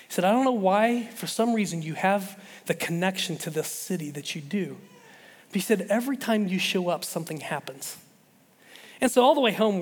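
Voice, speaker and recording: A man, a pastor, telling a story in a sermon, animated and acting out the voices of the people in it. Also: high voice, husky. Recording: long reverb of a large hall.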